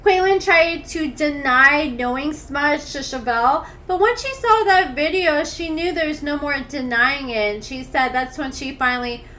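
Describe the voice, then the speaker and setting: A woman with a high voice recaps drama into a desktop studio mic. She is blunt and candid and drops sarcastic asides between the messages she reads aloud. A faint hiss sits under her voice. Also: a little slow, few pauses, sharp tone. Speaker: commentary channel host. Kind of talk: gossip commentary, reading messages aloud. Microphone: desktop USB studio mic.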